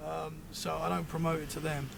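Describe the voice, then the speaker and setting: A British man talks casually as a podcast guest, telling stories that ramble and double back as he fixes his words. His voice is gravelly and sits a little high. The recording carries a clear layer of background noise. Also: flat delivery, a little fast. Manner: rambling, self-correcting storyteller. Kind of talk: casual chat.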